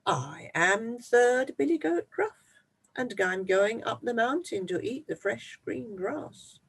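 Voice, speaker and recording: A storyteller voicing the biggest, strongest billy goat, calm and unafraid, speaking slowly. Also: medium pitch, slightly rough, voice pushed up, full character voice. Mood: confident. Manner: calm, slow and confident. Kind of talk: storybook read-aloud.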